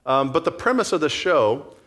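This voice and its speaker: Animated conversational male preacher. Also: a little high, moderate pace. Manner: conversational, acts out scenes. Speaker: pastor. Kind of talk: sermon.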